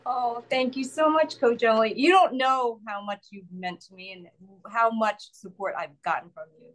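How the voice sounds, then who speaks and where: A woman guest in an interview, speaking earnestly and a little haltingly. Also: on the high side, poor audio. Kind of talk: casual interview chat.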